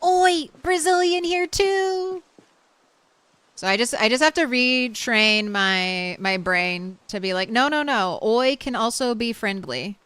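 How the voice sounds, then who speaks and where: A young woman streamer chats with her viewers in a bright, forceful voice. She sounds smooth and crisp, and a little tired late at night. She often stops and restarts her sentences. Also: mid-range voice, a little slow, hardly any pauses, dry recording. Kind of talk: casual live-stream chat with viewers.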